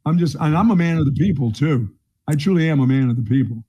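Trading casual banter on a radio sports show, a middle-aged co-host spins a blunt, rambling story and laughs at his own jokes. His voice is a little high, dark, and slightly rough, and he talks fast with lively intonation.

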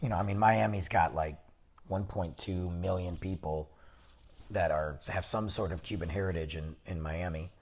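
A man's voice: low voice, moderate pace, darkish tone, husky. A man hosting a podcast, telling a long personal anecdote in a loose, rambling, casual way with plenty of fillers. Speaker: podcast host. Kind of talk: casual storytelling.

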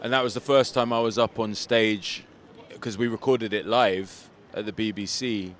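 Man, low register, laid-back guest telling stories outdoors, loose and chatty, faint street noise. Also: moderate pace. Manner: relaxed storytelling, frequent "like" fillers. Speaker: guest, comedian and rapper. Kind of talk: casual interview chat.

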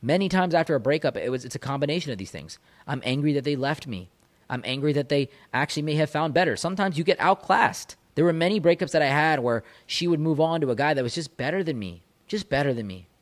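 A man's voice: fairly high pitch, lively intonation, fast talker. A man talking as a breakup coach into a microphone, intense and emphatic, repeating phrases for punch. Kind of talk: motivational monologue. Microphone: studio microphone.

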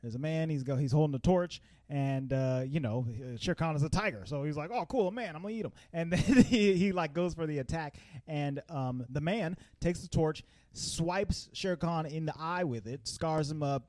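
A man's voice: fairly high pitch, normal speed, few pauses, no room sound, studio quality. Man recapping a movie with playful asides. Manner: animated, retells scenes with playful voices. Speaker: podcast co-host. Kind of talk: casual chat.

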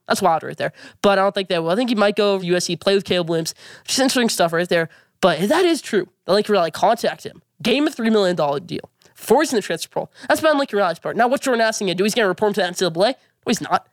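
A man's voice: high voice, no room sound, clean studio sound. A man hosting a sports opinion vlog, delivering emphatic, opinionated takes and repeating his points. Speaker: sports show host.

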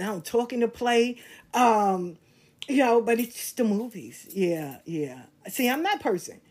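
An older woman tells casual, animated stories, blunt, profane and laughing at herself. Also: fairly high pitch. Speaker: host. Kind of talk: casual storytelling monologue.

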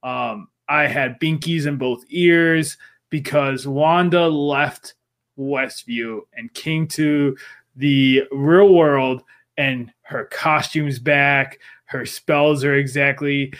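A man co-hosting a podcast, talking in a casual recap chat and theorizing with excitement. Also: on the high side, slow. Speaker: podcast co-host.

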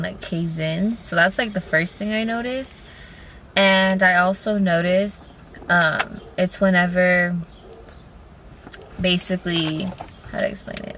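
Laid-back young woman host, casual car chat, faint hiss behind. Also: lowish voice. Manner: laid-back, soft-spoken, giggly. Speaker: podcast host. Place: inside a parked car. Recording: faint background noise in a car.

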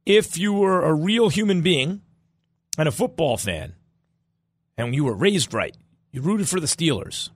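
A slightly husky man hosting a sports podcast, his voice a touch high for a man and swinging widely as he jokes. He bounces between loud bursts and muttered asides. The sound is dry and close, with faint music underneath. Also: unhurried, long pauses, no echo. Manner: animated, wisecracking, jumps between loud and soft. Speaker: podcast host. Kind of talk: sports talk monologue.

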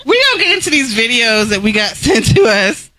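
A woman's voice: a little high, big pitch swings, brisk, noisy background. A woman co-hosting a casual podcast, joking crudely and bursting into laughter. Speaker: co-host.

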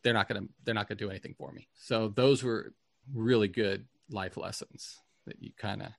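A man's voice: on the low side, fairly even intonation, fairly quick, creaky, no echo, studio quality. A man, a film director, telling candid stories from set in a casual interview and swearing freely. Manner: candid, swears casually, acts out quoted people. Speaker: film director as podcast guest.

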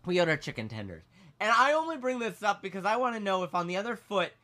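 A man co-hosting a podcast, telling a story in a casual, animated, self-mocking way. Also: high-pitched, quick pace. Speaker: podcast co-host.

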